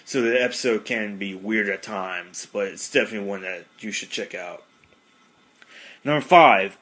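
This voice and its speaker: A man's voice: lowish voice, fairly bright tone. A man hosting a casual podcast monologue, rambling with many fillers. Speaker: podcast host.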